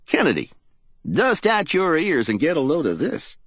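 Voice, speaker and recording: A man's voice: a little high, huge pitch swings, normal speed, a bit bright, no echo, voice pushed up, exaggerated voice. A man voicing a cocky world-weary reporter. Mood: brisk. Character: wisecracking male newspaper reporter, world-weary.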